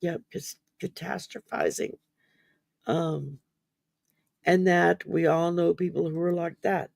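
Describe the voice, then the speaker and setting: A man with a fairly high, gravelly voice talks through a topic in a loose, rambling way, full of ums and restarts, and sounds sleepy. The recording is close and dry. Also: fairly even intonation, takes it slowly, no room sound. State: sleepy, yawning. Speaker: podcast host. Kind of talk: casual mental wellness discussion.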